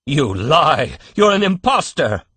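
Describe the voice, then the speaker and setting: A frantic, horrified father, as a male reader puts him on, exclaiming in panic. His voice jumps well above the reader's usual pitch, with a husky edge. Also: wildly swooping pitch, a little slow, no echo, full character voice.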